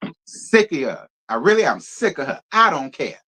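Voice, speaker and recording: A man's voice: on the high side, very animated, normal speed, bright, forceful tone. Sassy, profane man recapping reality TV. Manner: blunt, sassy, profane commentary; talks straight to his viewers, thanks donors. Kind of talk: live reality show review.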